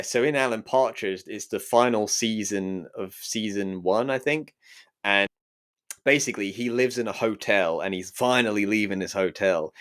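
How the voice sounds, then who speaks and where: A man co-hosting a casual podcast, telling stories animatedly and often laughing. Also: on the low side. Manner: animated storyteller who acts out quoted voices and laughs often. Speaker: podcast co-host. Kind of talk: casual conversational podcast chat.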